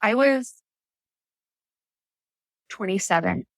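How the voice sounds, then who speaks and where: A woman, telling her birth story as a podcast guest in an animated way, acting out quotes. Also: medium pitch, very slow, no echo. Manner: animated storytelling, acts out quotes, laughs often. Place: Atlanta area.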